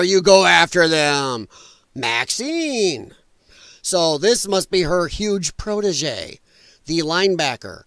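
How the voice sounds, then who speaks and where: A man with a fairly high voice runs his own live commentary stream, heated and mocking as he rants. The sound is dry and close, with no room around him. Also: creaky, fairly bright tone, clear, resonant tone, no echo. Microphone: headphones and desk mic.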